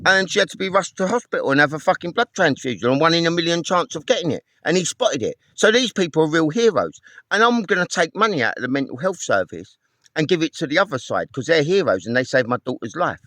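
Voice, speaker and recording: A man's voice: a little high, sing-song, quick pace, a bit bright, no echo. Angry sweary man ranting. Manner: sweary, heated, repeats himself. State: homeless. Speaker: vlogger. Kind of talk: angry personal rant to camera.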